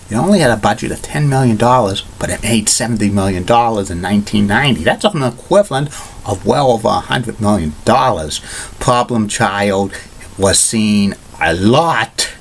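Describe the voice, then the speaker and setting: A man's voice: on the low side, slight background noise. A man talking casually in a video blog, recapping a movie in a rambling way with frequent restarts. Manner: rambling, with many restarts and fillers. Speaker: video blogger.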